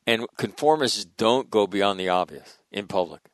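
A man hosting a casual conversation, talking haltingly with many fillers and laughing often. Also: fairly low pitch, animated, no room sound. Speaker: podcast host.

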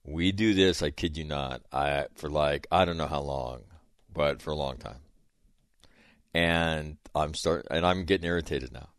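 A man's voice: extremely low pitch, unhurried, dry recording, studio quality. A middle-aged man telling a casual story as a host, rambling with many fillers and restarts. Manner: rambling, lots of fillers and restarts, laughs at own stories. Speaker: podcast host.

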